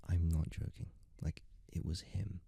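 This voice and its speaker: Young guy doing soft-spoken asmr rambling, super dark husky voice, says like constantly. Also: low-pitched, little pitch movement, unhurried, dry recording. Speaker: ASMR creator.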